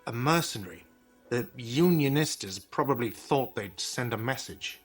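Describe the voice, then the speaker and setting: A man plays a whiny, touchy diner manager in a video game. His pitch swings up and down a lot as he gets defensive, and game music plays behind him. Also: animated, moderate pace, lightly acted. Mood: irritable. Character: irritable, whiny adult male diner manager.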